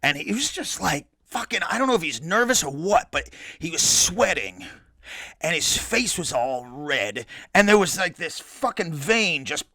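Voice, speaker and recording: Brief: middle-aged man, podcast host, lively swooping delivery, bright tone, profane asides. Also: on the high side, moderate pace, no echo. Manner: boisterous, profane, rambling asides. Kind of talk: casual storytelling monologue.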